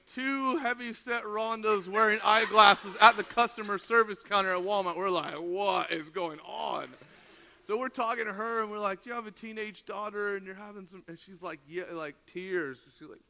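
A man preaching a sermon, telling a story with lots of laughter and acted-out dialogue. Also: high-pitched. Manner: animated storytelling, laughing often, acting out dialogue. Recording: long hall reverb.

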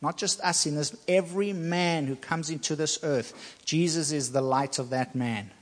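Guy preaching a sermon, kinda high voice, slow and emphatic, repeats stuff, lots of hall echo.

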